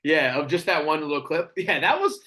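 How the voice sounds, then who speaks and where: Excitable male podcast guest, quick, a bit high-pitched, loves telling stories. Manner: excitable storyteller, quotes people in put-on voices. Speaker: podcast guest, wrestling cosplayer. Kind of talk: casual podcast chat.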